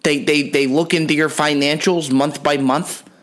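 A man's voice: fairly high pitch, fairly even intonation, moderate pace, a bit bright. A young adult man hosting a comedy podcast, telling rambling, profane stories in a brash, joking way. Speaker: podcast host.

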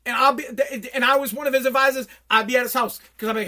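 A man's voice: very high-pitched, fairly even intonation, fairly quick, hardly any pauses, bright, forceful tone. A man giving a heated, profane political rant as a commentator.

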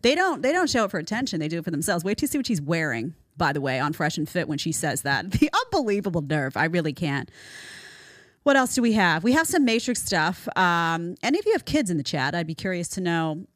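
A woman's voice: fairly low pitch, big pitch swings, fast talker, dry recording, clean studio sound. A woman hosting a reaction commentary show, talking emphatically and repeating phrases for stress. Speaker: host. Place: studio in Florida.

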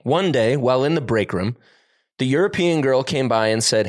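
A man's voice: mid-range voice, lively intonation, moderate pace, no room sound. A man co-hosting a podcast, reading a listener's email aloud in casual chat and breaking into laughter as he goes. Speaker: podcast co-host.

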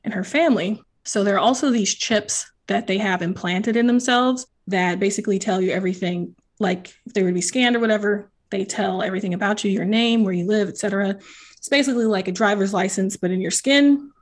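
A woman's voice: medium pitch, a little fast. A young adult woman hosting a book podcast, talking casually with lots of fillers and restarts. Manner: chatty, many fillers and restarts. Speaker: podcast host.

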